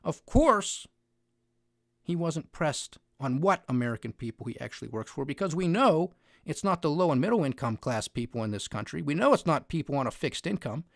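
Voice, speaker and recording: A man's voice: fairly high pitch, sing-song, moderate pace, vocal fry, dry recording, clean studio sound. A man giving an opinionated monologue on finance news, sarcastic and mocking, with heavy emphasis.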